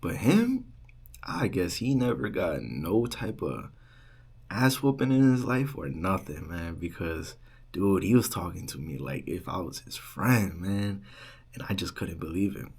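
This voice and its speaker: A young man working as a resident assistant tells a storytime vlog in a casual, animated way, full of "like" and "right?". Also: deep voice, a little slow, creaky, slightly rough. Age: young adult. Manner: animated retelling, heavy use of "like" and "right?".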